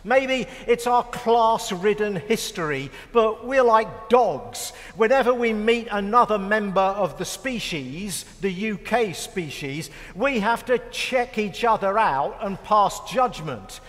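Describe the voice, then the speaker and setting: Middle-aged British man, preacher, unhurried delivery, echoey hall sound, dry self-mocking wit. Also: high-pitched, animated, fairly bright tone. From United Kingdom. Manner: wry, self-mocking humor. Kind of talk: sermon.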